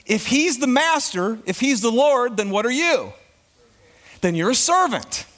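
Animated, high-voiced male pastor preaching. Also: unhurried. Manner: animated preaching, questions to the congregation. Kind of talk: sermon.

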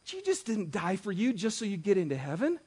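A man in his thirties preaching a sermon as pastor, telling stories with big swings between loud and quiet. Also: high-pitched, huge pitch swings, fairly quick, slightly rough.

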